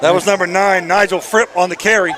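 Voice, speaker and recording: A man doing folksy, lively play-by-play for a high school football game at an outdoor stadium. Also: fairly quick, noisy background. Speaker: play-by-play announcer. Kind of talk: sports commentary.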